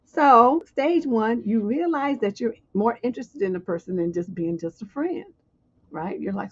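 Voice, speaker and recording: A woman relationship coach talking casually to a live audience, animated and chatty, acting out little skits. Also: fairly high pitch, moderate pace, slightly rough. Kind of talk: casual livestream talk. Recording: dull muffled sound.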